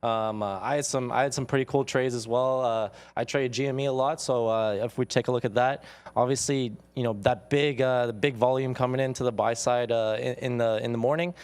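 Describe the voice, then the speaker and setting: A man on a trading show recapping his day's trades in an excited, casual way, full of fillers and "like". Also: medium pitch, fairly quick, clear, resonant tone. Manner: excited, filler-heavy, says "like" a lot. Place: trading floor studio.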